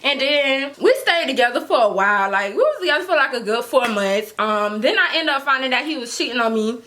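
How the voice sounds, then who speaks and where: A young woman spins a story to her camera with loose slang and frequent laughter. Her voice sits high and swoops widely, with a sharp, bright edge. She acts out the other people's lines as she goes. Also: a little fast. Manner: animated, slangy, laughs often, acts out quotes. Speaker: storytime vlogger. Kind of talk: casual storytelling.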